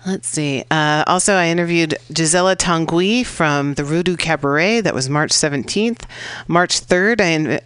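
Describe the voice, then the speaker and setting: A woman's voice: low voice, fairly bright tone, clear, resonant tone, no echo. A woman hosting a community radio show, recapping past guests in a chatty, rambling way with lots of fillers. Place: radio studio.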